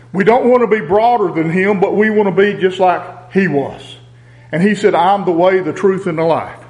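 A male preacher delivers his sermon in a measured, emphatic manner, pausing over each phrase of scripture. His voice sits high for a man, and he takes his time. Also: rough recording. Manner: slow, emphatic, deliberate Bible reading.

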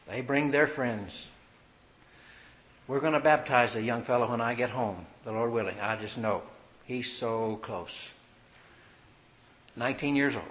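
A man preaching a fervent sermon, building to loud, emphatic passages. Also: mid-range voice, roomy sound, poor audio.

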